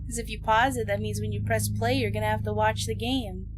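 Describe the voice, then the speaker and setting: A woman's voice: mid-range voice, fairly even intonation, fairly quick, music in the background. A young woman streaming a horror game, nervously talking to herself and her chat as she explores. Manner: jittery and talkative, asking the game questions. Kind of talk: live-streamed gameplay commentary.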